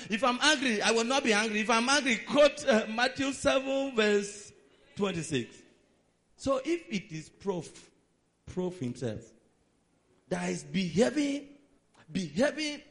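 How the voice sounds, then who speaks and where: Male preacher, high register, lively and emphatic delivery. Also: measured pace, long pauses. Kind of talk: sermon.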